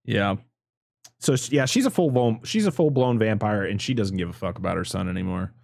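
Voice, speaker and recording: A man's voice: on the low side, a little fast, creaky, a little mellow, no echo, clean studio sound. A man co-hosting a casual podcast, recapping a movie scene by scene, swearing freely and laughing often. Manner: profane, laughing, quotes characters. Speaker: podcast co-host.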